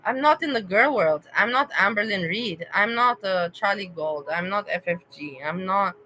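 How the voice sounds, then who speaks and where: Woman, young adult, casual livestream chat, emotional, rambling, crisp bright tone. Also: medium pitch, lively intonation, normal speed, a little hiss or hum, low-quality recording. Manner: emotional, rambling, addresses chat viewers by name. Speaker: livestream host chatting with viewers. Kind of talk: casual live-stream chat.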